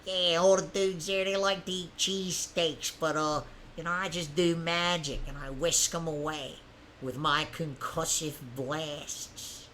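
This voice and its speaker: A man puts on a swaggering Philadelphia tough guy with a bright, forceful edge and a faint hum behind him. The voice is cocky and in-your-face, with a thick Philadelphia accent. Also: a little high, flat delivery, unhurried, pitched below the performer's own voice. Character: brash tough-talking Philly street guy, male.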